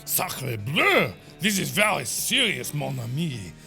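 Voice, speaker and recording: A man voicing a pompous, slow-talking male detective with a put-on French accent. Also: a little high, huge pitch swings, creaky, pushed and bright, soft background music, voice pushed down, exaggerated voice. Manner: slow, grand, theatrical.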